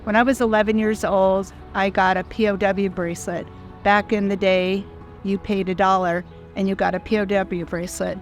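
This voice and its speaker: An older woman in her sixties tells her story in an earnest, heartfelt, plain-spoken way. Her voice sits at a middle pitch and stays quite flat and level. Soft music plays faintly behind her. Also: normal speed. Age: 60s. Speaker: foundation founder. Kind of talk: personal storytelling.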